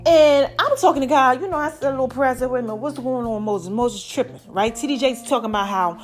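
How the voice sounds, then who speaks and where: A middle-aged woman hosting her own podcast, talking to listeners in an animated, chatty way. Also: sits high, fast talker, soft background music. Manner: animated, chatty, calls listeners y'all and baby. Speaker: podcast host. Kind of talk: casual podcast monologue.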